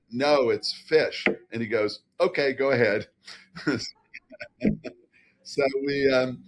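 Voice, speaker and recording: A man's voice: on the low side, slight background noise. An older man, a scientist guest, telling a funny anecdote with lots of fillers and laughter. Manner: animated, laughing storyteller with many fillers. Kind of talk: anecdotal storytelling.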